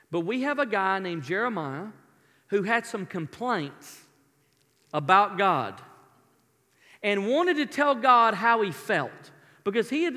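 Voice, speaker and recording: A man preaching a sermon with impassioned rises and soft, intimate drops. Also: high-pitched. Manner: impassioned, rising to near shouting then dropping to a soft intimate tone. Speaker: pastor. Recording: long hall reverb, preaching in a large room.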